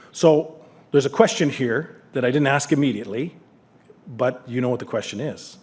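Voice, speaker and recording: A middle-aged man speaks to a lecture audience in an earnest, conversational tone at an ordinary male pitch. He talks frankly and mixes reflection with storytelling. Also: normal speed, a little mellow. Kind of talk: public lecture with anecdotes.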